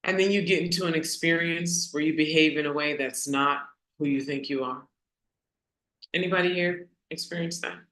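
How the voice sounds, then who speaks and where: Woman host, casual motivational talk, rhetorical questions, crisp bright voice, echoey room. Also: deep voice, fairly even intonation. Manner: conversational, asks the audience rhetorical questions; repeats key lines slowly for emphasis.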